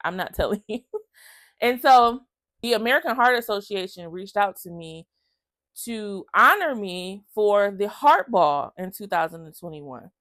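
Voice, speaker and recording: A woman's voice: medium pitch, unhurried. A woman vlogger talks straight to her viewers in a chatty, heartfelt way, emotion close to the surface. Her voice sits in a middle range and sounds dry and close, with no room echo. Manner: emotional, lively storytelling that acts out other people's lines; chatty, addresses viewers as y'all. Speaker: vlogger sharing her own story. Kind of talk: casual personal storytelling to camera.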